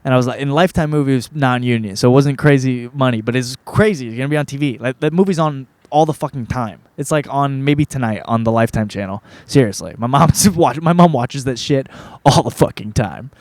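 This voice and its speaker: A man in his thirties hosting a podcast, talking through his story in a loose, meandering way with constant filler words and casual swearing. His voice sits at an ordinary middle pitch. The sound is close and dry. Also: brisk, a little mellow, no room sound. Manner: rambling, profane, laid-back, lots of filler words. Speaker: podcast host.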